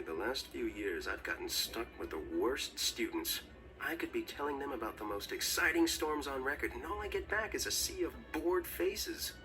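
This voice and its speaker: A gruff, cynical storm professor. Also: male voice, on the low side, pushed and bright, distant mic, low-quality recording. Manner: gruff, bitter and world-weary. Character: weary, cynical middle-aged male storm professor. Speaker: game character.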